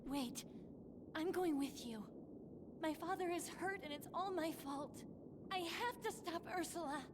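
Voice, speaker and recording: A woman's voice: very high-pitched, measured pace, noisy background. A woman voicing a young, brave mermaid princess in a video game, urgent and pleading. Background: game music.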